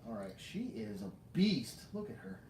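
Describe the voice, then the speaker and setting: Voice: mid-range voice, sing-song, moderate pace, gravelly, a little mellow, reverberant, slight background noise. A toy collector chatting casually through a live unboxing, rambling, joking at their own expense and talking to the figures. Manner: rambling and self-mocking, talks to the toys, laughs often.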